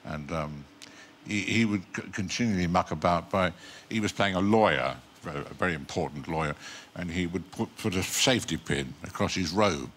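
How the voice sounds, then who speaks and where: An older English actor telling rambling, dry anecdotes as a talk show guest, with mumbled asides. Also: male voice, deep voice, fairly quick, a bit bright, a little hiss or hum. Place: TV studio with audience.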